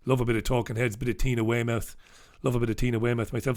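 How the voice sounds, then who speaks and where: This clip features a middle-aged host from the UK running a laid-back livestream where he reads the papers and swears cheerfully at his viewers as he greets them. He talks fast at a medium pitch, with a slightly mellow quality.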